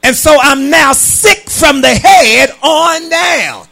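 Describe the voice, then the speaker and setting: A male pastor preaching a sermon, his lines rising into a sung, shouted cadence as he calls out to the congregation. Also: extremely high pitch, expressive, slow, creaky.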